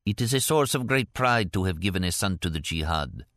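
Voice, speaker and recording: A man's voice: low-pitched, animated, brisk, fairly bright tone, no room sound, studio quality. A man voicing an older Egyptian grandfather who speaks in a terse, solemn, unyielding way. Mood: proud.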